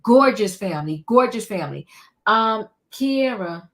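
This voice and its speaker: A woman's voice: mid-range voice, lively intonation, measured pace, fairly bright tone. A woman co-hosting a casual TV recap chat, sassy and emphatic, repeating words for effect. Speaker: podcast co-host.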